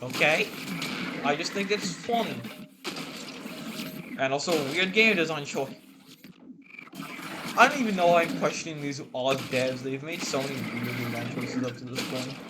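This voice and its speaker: A man's voice: a little high, lively intonation, measured pace, long pauses, noisy background. A man giving casual gameplay commentary, joking and swearing through exasperated outbursts. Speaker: gaming YouTuber.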